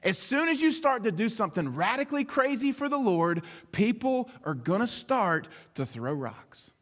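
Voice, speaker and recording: A man preaching a sermon as pastor, animated, acting out short snatches of dialogue as he goes. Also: high-pitched, moderate pace. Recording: long reverb of a large hall.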